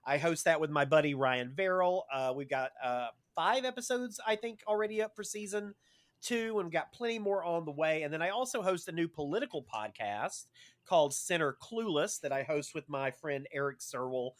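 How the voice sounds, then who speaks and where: Male podcast guest, rambly and lively, somewhat high-pitched. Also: normal speed. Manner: rambling, animated, with frequent fillers. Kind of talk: casual podcast chat.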